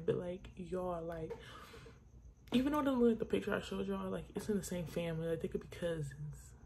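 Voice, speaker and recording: A woman's voice: on the low side, normal speed, darkish tone, a little hiss or hum. A young woman hosting a makeup tutorial, chatting casually and enthusiastically to viewers, peppering her talk with "like" and the odd swear. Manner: enthusiastic, talks straight to viewers.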